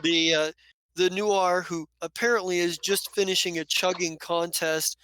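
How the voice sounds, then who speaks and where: A man's voice: high-pitched, fairly even intonation, unhurried, sharp tone, clean tone. A man acting as game master, narrating a tabletop game in a loose, rambling, descriptive way.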